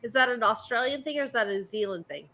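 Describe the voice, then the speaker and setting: A woman's voice: fairly high pitch, animated, quick pace, a crowd in the background. A middle-aged American woman, hosting a casual stream chat, blunt and swearing freely. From United States. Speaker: stream host.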